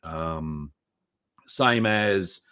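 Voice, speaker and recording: A man's voice: sits low, very slow, smooth. Chatty man on a livestream. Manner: relaxed, chatty, many ums and uhs. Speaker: host answering viewer questions. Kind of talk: live stream Q&A. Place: small echoey room.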